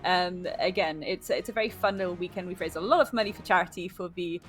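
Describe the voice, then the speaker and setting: A woman's voice: fairly low pitch, soft background music. Giggly British woman casting esports. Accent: British English. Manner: giggly, chatty, quick to laugh. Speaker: esports caster. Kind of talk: live tournament commentary.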